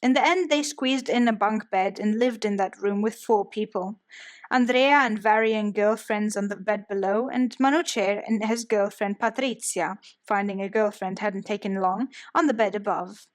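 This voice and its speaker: A woman narrating a biography audiobook in a steady storytelling manner. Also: medium pitch, moderate pace. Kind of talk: scripted narration.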